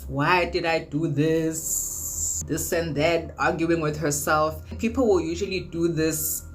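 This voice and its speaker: A woman's voice: low-pitched, fairly even intonation, slow, slight background noise, low-quality recording. A woman casually narrating a true crime case as a storyteller, retelling events in plain, conversational words.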